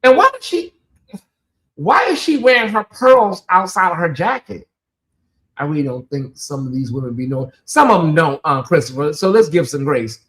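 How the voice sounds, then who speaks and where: A channel host giving sassy live commentary on a TV show, reading viewer names aloud and breaking into loud exclamations. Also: medium pitch, sing-song, moderate pace.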